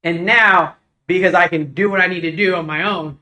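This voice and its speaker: A man preaching a casual, conversational sermon, telling stories with lively acted-out dialogue. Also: high-pitched, normal speed, rough recording. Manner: animated storytelling, acts out dialogue.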